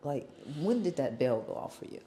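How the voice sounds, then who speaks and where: A woman's voice: sits low, very animated, normal speed, warm tone. A woman hosting an interview, mostly giving short affirmations and asking questions. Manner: brief affirming backchannels and questions. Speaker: host.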